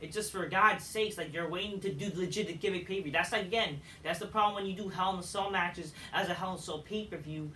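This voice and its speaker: A man's voice: sits high, quick pace, few pauses, pushed and bright, a little hiss or hum. A man reviewing a wrestling show in a profane, exasperated, sarcastic rant. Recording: echoey room, distant mic.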